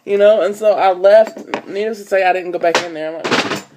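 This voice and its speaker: A woman's voice: mid-range voice, moderate pace, noisy background. A woman, chatting to camera at home and telling stories with many ums and "so look". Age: 20s. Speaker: vlogger. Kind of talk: casual chat to camera. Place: at home, upstairs room.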